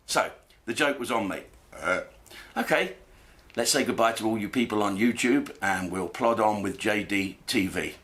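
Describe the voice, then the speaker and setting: A man's voice: fairly low pitch, normal speed, a little hiss or hum. Crude man telling jokes. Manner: crude and swearing, lively storytelling. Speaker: comedian. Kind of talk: stand-up comedy monologue.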